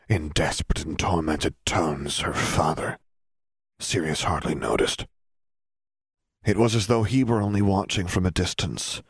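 A man reading a fan fiction story aloud in slow, hushed dramatic narration. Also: deep voice, husky, dry recording, studio quality. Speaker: audiobook narrator.

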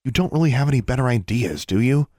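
A man's voice: medium pitch, animated, quick pace, no room sound, pitched above the performer's own voice, lightly acted. A man voicing a determined young woman who shields her brother, speaking earnestly and pleadingly in a storybook reading with a dry, close sound. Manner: earnest, pleading, then gently coaxing.

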